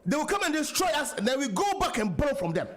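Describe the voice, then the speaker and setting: A man's voice: very high voice, very animated, fast, fairly bright tone. A man with a Ghanaian accent hosting a political talk radio show, speaking in an impassioned, repetitive way and switching between English and Twi.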